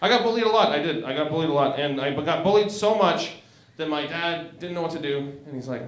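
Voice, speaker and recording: A Canadian stand-up comedian in his forties does a crude, self-mocking set on a club stage, often laughing at his own jokes. His voice sits on the high side, expressive and fast with few pauses. The room has a roomy club echo.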